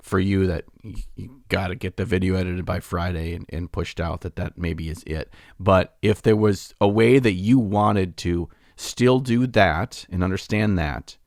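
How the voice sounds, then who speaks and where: Male podcast co-host, deep voice, rambling and prone to laughter, dry studio sound. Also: no room sound. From United States. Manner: rambling, restarts often, laughs easily. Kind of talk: casual podcast chat.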